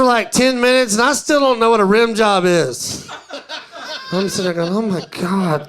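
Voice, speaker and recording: High-voiced comedian man. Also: a bit bright. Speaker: stand-up comedian. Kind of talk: live stand-up storytelling. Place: live comedy venue.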